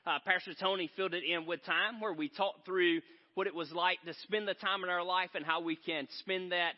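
A man's voice: high voice, brisk. A man preaching a sermon in a large church, telling stories in a conversational, joking way. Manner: conversational storytelling, animated and joking. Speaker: pastor. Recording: reverberant hall, dull sound.

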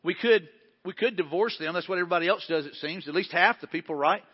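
A male pastor preaches in a high, conversational voice. He hammers repeated phrases and slips into quoted asides. The sound is dull and muffled, with a long reverb trailing through a large hall. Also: fast talker, slightly rough. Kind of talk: sermon.

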